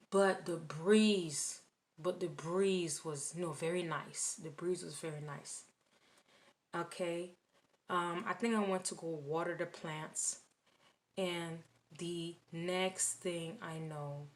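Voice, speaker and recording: A woman recounting a dream in casual spoken testimony, halting and repeating phrases with many restarts. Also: lowish voice, fairly bright tone.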